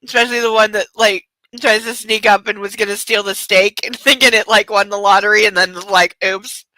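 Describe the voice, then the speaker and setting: A woman hosting a book club livestream, chatting casually and reading aloud, giggling and exclaiming in loud reactions. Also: medium pitch, steady tone, fairly quick, dry recording, rough recording.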